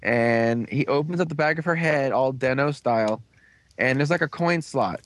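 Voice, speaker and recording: A young man hosting a casual chat, rambling through a recap with lots of fillers and quick put-on voices for the characters. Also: mid-range voice, no room sound. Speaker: podcast host recapping a show.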